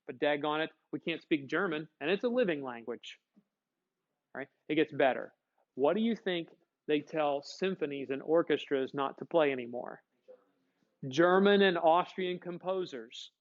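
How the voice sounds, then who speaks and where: A man's voice: a little high, moderate pace, highs cut off. A man teaching a history class, chatty and joking, often asking his students questions. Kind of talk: classroom lecture.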